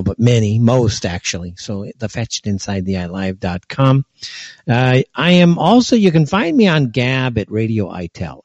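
A man's voice: mid-range voice, darkish tone, dry recording. Exasperated ranting male radio host. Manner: scornful, exasperated ranting with laughs. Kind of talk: ranting talk radio monologue. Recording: dull, lo-fi, dry sound.

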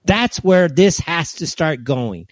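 A man's voice: a little high, expressive, takes it slowly, no room sound. A man hosting an internet radio show, ranting in a scornful, exasperated way with bursts of laughter. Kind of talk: ranting talk radio monologue. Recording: dull, lo-fi, dry sound.

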